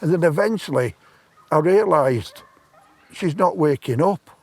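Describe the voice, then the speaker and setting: A man's voice: a little high, lively intonation, measured pace, a little mellow, dry recording. A man, telling a long personal story in plain-spoken, rambling speech. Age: 70s. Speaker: stranger on a park bench. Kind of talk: casual storytelling. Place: park bench outdoors.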